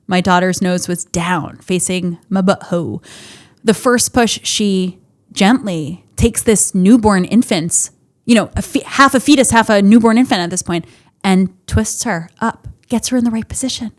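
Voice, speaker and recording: A woman's voice: mid-range voice, moderate pace. A woman in her thirties hosting a podcast, telling a personal story in a candid, profane, emotional way. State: laughing and tearful. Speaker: podcast host.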